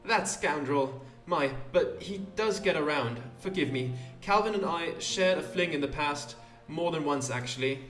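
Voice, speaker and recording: A man raises his voice to play a refined, one-eyed lady portrait painter who speaks in a genteel, formal, faintly flirtatious way. The voice sits high and a bit bright, unhurried with hardly any pauses, in a roomy echo as if the mic were distant, with faint music behind.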